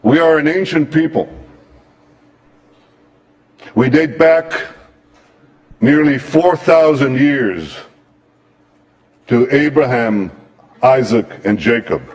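A man delivers a formal speech to an assembly, unhurried and deliberate. His words come in slow, solemn, measured phrases, with a pitch in the ordinary middle range. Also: a little mellow. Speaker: head of government giving a speech.

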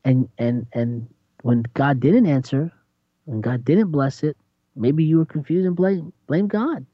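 A man preaching in a conversational sermon, animated and acting out voices with big jumps in pitch. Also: a little slow, no echo. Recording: dull lo-fi sound.

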